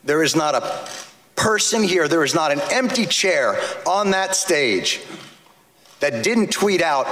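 A man's voice: on the high side, sing-song, slow pace. Angry man testifying in an echoey hall. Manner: angry, forceful, cutting. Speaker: advocate testifying before a legislative hearing. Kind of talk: impassioned public testimony. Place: large hearing room. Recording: roomy hall echo.

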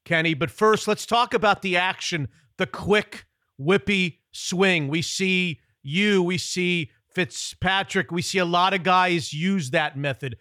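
Bright-voiced male sports radio host. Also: sits high, unhurried, no room sound, studio quality.

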